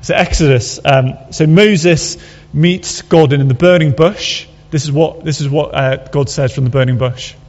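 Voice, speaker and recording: A man's voice: fairly high pitch, fairly even intonation, moderate pace. A man preaching a sermon, earnest and conversational, asking his listeners rhetorical questions. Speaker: pastor. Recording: dull audio with long hall reverb.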